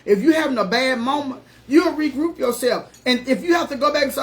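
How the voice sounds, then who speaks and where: A woman's voice: high-pitched, a little fast. A middle-aged woman life coach giving an earnest, emphatic, folksy motivational talk on a live stream.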